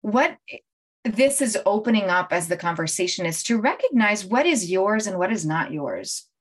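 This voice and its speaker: A middle-aged woman coach talking casually on a livestream, animated and often laughing as she tells stories to viewers. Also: mid-range voice, normal speed. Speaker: life coach hosting a livestream. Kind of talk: casual live-stream talk to viewers.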